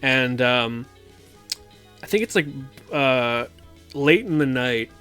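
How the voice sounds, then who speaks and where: A man talks on his stream, working through a film recap with plenty of ums, restarts and casual swearing. His voice sits at a middling pitch. Faint music plays quietly behind him. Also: animated, slow pace, clean tone. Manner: rambling, filler-heavy, swearing, acts out quotes. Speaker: streamer host.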